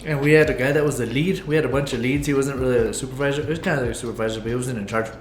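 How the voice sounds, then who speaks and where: Animated, swearing male storyteller. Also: mid-range voice, racing, reverberant, soft background music. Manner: animated storyteller, swears freely, acts out quoted voices. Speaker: podcast co-host. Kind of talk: casual chat.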